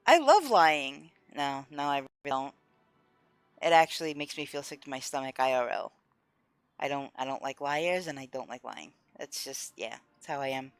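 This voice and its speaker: A woman's voice: very deep voice, normal speed, smooth, dry recording, faint music behind. A woman live-streaming a game, chatting casually with her viewers and openly voicing her frustration.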